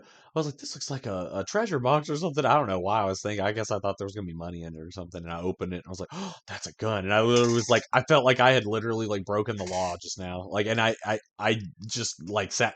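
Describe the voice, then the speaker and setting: A man's voice: lowish voice, rapid-fire, a bit bright, slight background noise. A man co-hosting a podcast in casual chat, swearing often and telling rambling stories with frequent laughs. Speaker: podcast co-host.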